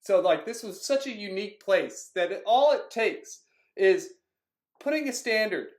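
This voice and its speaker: A man's voice: high-pitched, measured pace. A man who coaches youth soccer, talking casually and acting out past conversations. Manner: animated storytelling, acts out conversations; frequent "like" fillers. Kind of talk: casual monologue. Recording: echoey room.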